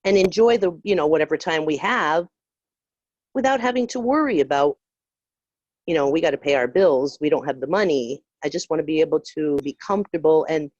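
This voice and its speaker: A middle-aged woman with a low voice shares her story earnestly, pausing with fillers as emotion comes through. The line sounds muffled and dry, as on a video call. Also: a little mellow, no room sound. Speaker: call participant. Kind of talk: personal testimony.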